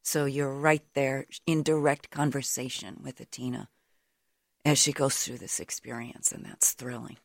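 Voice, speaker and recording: A woman's voice: rumbling low, fairly even intonation, normal speed, vocal fry, dry recording, studio quality. A woman stage actor talking enthusiastically as a guest on a radio show. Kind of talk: radio interview.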